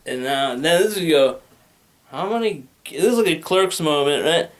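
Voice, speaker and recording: A man's voice: fairly high pitch, expressive, moderate pace. A man in his thirties doing a rambling, crude stand-up comedy set, acting out voices and talking into a handheld microphone. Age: 30s. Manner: rambling, crude, acts out voices with big swings.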